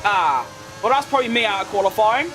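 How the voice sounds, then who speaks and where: A man's voice: sits high, sing-song, moderate pace, a bit bright, faint music behind. A young man from London, with a London accent tinged with posh, chatting as he streams a racing game, answering chat with rambling asides. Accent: London English with a posh tinge. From England. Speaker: gaming streamer. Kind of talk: live racing game commentary.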